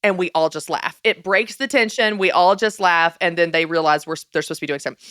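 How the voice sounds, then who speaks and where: A woman's voice: lowish voice, fast talker, smooth, no room sound. Upbeat woman podcast host, dry close sound. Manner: upbeat and lively, laughs often. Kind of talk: faith-based parenting podcast chat.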